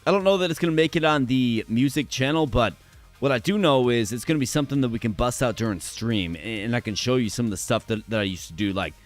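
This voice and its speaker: A man with a hoarse voice, chatting energetically with viewers during a live stream. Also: medium pitch, quick pace, soft background music.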